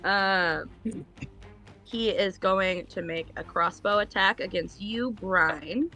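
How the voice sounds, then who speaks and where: A woman running a tabletop game as game master, halting with many fillers. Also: medium pitch, pushed and bright, faint music behind.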